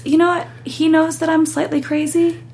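Chatty woman telling a lively story. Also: very high voice, moderate pace. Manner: animated storyteller, acts out quotes. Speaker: guest. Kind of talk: casual interview chat.

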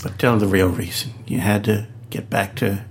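A man's voice: lowish voice, fairly even intonation, moderate pace, a little hiss or hum. A man hosting an interview, asking short questions and adding brief remarks. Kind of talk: casual interview chat.

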